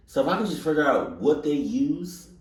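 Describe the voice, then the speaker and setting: A man's voice: fairly high pitch, sing-song, moderate pace, roomy sound, recorded from a distance, poor audio. A man hosting a reaction video, chatting casually in loose slangy talk. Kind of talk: casual chat.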